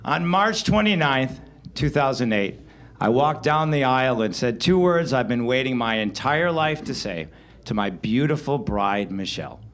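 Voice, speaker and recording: Male storyteller, wry and animated, voice swings widely with bursts of loudness. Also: medium pitch, moderate pace. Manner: wry, animated delivery with sudden loud outbursts. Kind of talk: live comedic storytelling. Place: live show venue.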